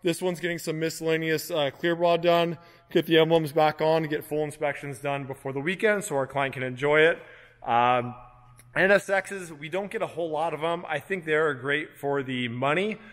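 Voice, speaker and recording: A man giving a casual walk-through of his car protection shop, relaxed and chatty with lots of "uh" fillers. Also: a little high, normal speed, big-room sound. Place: large car workshop.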